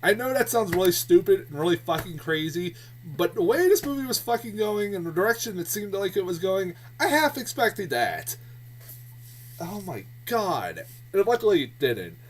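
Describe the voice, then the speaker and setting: A man's voice: high voice, big pitch swings, moderate pace, recorded from a distance, a little hiss or hum. A man giving a casual, profane movie review, sounding exasperated and often laughing. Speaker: film reviewer.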